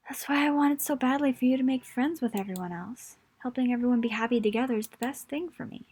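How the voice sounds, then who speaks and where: A young woman voicing a sad, self-blaming teenage girl, reading game dialogue aloud in a soft, halting way. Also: on the high side, lightly acted.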